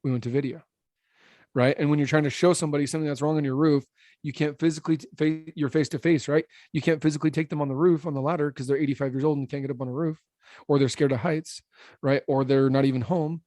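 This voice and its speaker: A man in his thirties who owns a roofing business, a podcast guest talking fast and blunt, slurring his words a little. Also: dry recording. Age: 30s. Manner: blunt, animated, salesman-like pitching. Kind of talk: casual podcast interview.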